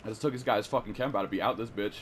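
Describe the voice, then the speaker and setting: A man's voice: fairly low pitch, very fast, crowd noise. A young man on voice chat with his gaming team, talking crude trash talk and swearing constantly. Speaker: teammate. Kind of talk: live gameplay chat.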